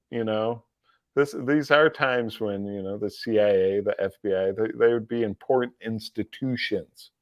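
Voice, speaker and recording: A man talking slowly and at length on a live commentary stream, his voice sitting fairly low. He is mocking and sarcastic, laughs often, and trips over and repeats his words. The recording is dry and close. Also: a little mellow, dry recording. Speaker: livestream political commentary host.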